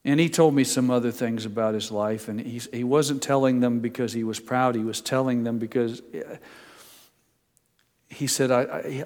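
Older guy preaching, middle pitch, folksy stories then big emphatic bits, long church hall echo. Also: steady tone, moderate pace, darkish tone. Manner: storytelling, folksy asides, builds to emphatic peaks. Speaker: pastor. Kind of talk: sermon.

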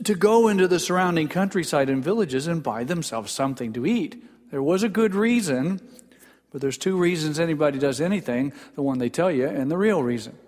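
A middle-aged man preaches a sermon with a mid-range voice. He tells stories earnestly, dropping to a hush and then rising to emphasis. A long hall reverb trails his words. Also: medium pitch. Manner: storytelling, earnest, shifting between quiet and emphatic. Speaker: pastor.

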